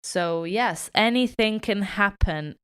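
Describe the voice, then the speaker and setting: A young woman from Italy, a native Italian speaker, co-hosting a radio show and telling a lively personal anecdote with frequent laughs. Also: medium pitch, slow pace, clear, resonant tone. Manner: animated storytelling, laughing often. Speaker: co-host. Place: radio studio.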